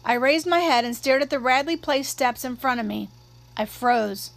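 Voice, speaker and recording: A woman narrating a first-person novel aloud in a measured, expressive storytelling manner. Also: high voice, creaky. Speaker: audiobook narrator.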